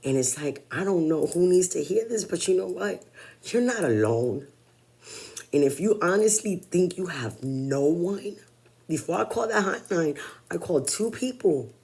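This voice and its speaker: A woman's voice: fairly low pitch, animated, moderate pace, vocal fry, dark tone, breathy edge. A woman in her forties talking in a personal vlog monologue, blunt and candid, swearing freely. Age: 40s. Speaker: vlogger.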